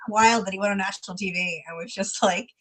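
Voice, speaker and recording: A woman's voice: mid-range voice, fairly even intonation, quick pace, fairly bright tone. A woman co-hosting a casual sports talk show, wry and amused. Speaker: co-host.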